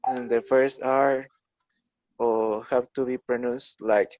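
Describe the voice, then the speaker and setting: A young man whose first language is Spanish reads his part of a class presentation carefully, pausing between phrases. His voice sounds dry and muffled, on a lo-fi recording. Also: medium pitch, steady tone, darkish tone, no room sound. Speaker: student presenter.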